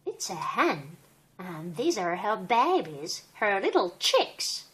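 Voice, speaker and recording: Very slow, lively woman reading a storybook. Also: mid-range voice. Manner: gentle, sing-song, child-directed. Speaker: storybook reader. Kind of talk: reading a picture book to a child.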